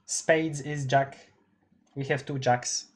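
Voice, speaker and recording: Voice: mid-range voice, fairly even intonation, slow. A streamer doing a live read-along of a webcomic, chatting casually, laughing often and reacting aloud.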